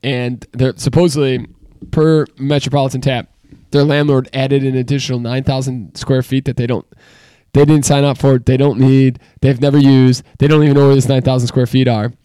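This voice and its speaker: A man's voice: mid-range voice, flat delivery, moderate pace, dark tone, smooth, no room sound. A man co-hosting a casual podcast chat, telling stories in an emphatic, rambling way. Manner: chatty, storytelling, emphatic. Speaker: podcast co-host.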